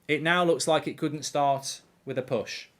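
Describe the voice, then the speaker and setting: A male host runs a live football watchalong, chatting casually and reading out viewer comments. His voice is a little high and unhurried, and he sounds animated, using frequent fillers.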